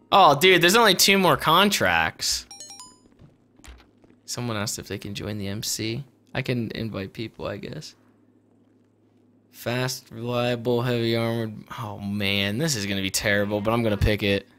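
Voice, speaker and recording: Unhurried and pausing often, a young man with a sharp, medium-pitched voice streams a video game. He chats casually with a friend, swearing, laughing and exclaiming at the game, over noisy stream audio.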